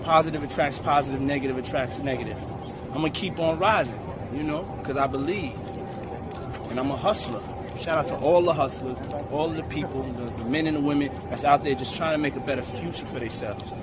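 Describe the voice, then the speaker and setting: A man's voice: fairly high pitch, brisk, background noise. A man giving boastful, preachy motivational talk. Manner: bragging, preachy.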